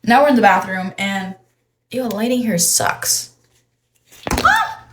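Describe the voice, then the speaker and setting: Young woman streamer, casual and giggly, curses freely, mid-pitched, phone mic at home. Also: moderate pace, very noisy. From United States. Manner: giggly, chatty, swears freely. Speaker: livestreamer. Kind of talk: casual livestream chat.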